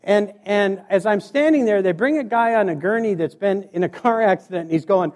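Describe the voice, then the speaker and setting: Onstage before a live audience, a middle-aged man from Montana, USA delivers a humorous motivational keynote. He jokes and acts out his stories with sound effects. His voice sits high, moves a little fast and has a darkish tone.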